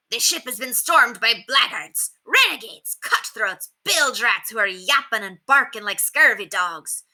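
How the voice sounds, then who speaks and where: A man's voice: extremely high pitch, bright, forceful tone, pitched above the performer's own voice, exaggerated voice, rough recording. A woman voicing a bombastic pirate captain in a storybook, declaiming threats theatrically. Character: blustering pirate captain with a sword.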